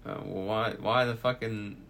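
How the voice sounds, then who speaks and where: A man's voice: fairly low pitch, fairly even intonation, moderate pace, vocal fry, fairly bright tone. An American man co-hosting a podcast in casual chat, swearing constantly and rambling through stories with laughs. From United States. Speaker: podcast co-host.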